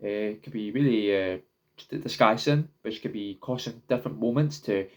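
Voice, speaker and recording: Halting young man vlogging. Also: on the low side, darkish tone. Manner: halting, repeats and restarts words. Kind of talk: casual rambling to camera.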